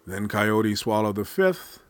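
A man reading a folk tale aloud in a measured, expressive storytelling manner. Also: fairly low pitch, no echo.

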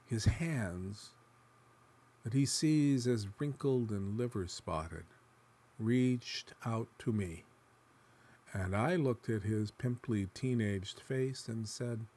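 A man reading literary fiction aloud in the first person, musing and dramatic, sometimes dropping to a hush. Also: on the low side, slow pace, breathy edge. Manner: dramatic, shifting between musing and hushed tones. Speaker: narrator.

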